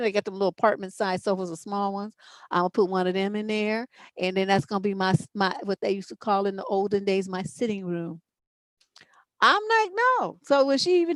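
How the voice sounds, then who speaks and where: A woman's voice: medium pitch, no room sound. A middle-aged woman hosting a relationship advice show, giving blunt, profane, emphatic answers in unscripted chat.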